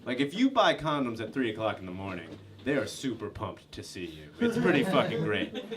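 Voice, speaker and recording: A man's voice: medium pitch, a bit bright, slight background noise. A man in his thirties doing a stand-up comedy set, telling crude stories in a loose, storytelling way. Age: 30s. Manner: loose storytelling with crude jokes and acted-out clerk voices.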